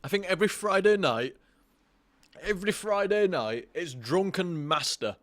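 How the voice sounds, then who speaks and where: A man's voice: high voice, animated, normal speed, a bit bright, slight background noise. Drunk, rambling, sweary male streamer. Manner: rambling, sweary, stammers and repeats himself. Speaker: game streamer. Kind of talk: live stream chat.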